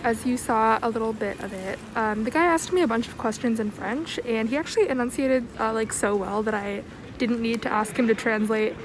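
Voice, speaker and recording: Young woman vlogger, 20s, slightly high voice, chatty and self-mocking, phone mic with faint noise. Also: fairly quick. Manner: chatty, self-deprecating, laughs often. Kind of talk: casual vlog chat.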